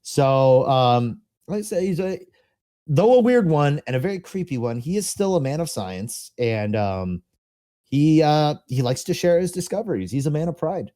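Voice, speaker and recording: A podcast co-host with a fairly high, mellow voice reads documents aloud, then talks them over casually, laughing now and then. He's very animated and keeps a moderate pace.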